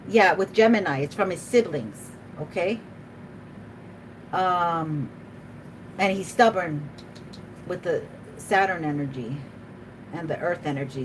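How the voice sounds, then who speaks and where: A woman's voice: on the low side, slow pace, pauses often, background noise. A woman doing a live tarot reading, chatty and emotional, often laughing and speaking to spirit. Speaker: tarot reader.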